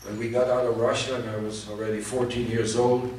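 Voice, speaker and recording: An older man from Poland giving personal testimony to students, speaking haltingly and repeating words. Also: medium pitch, little pitch movement, darkish tone. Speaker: Holocaust survivor speaker. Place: large hall at a community event. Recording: echoey hall from far off, faint noise.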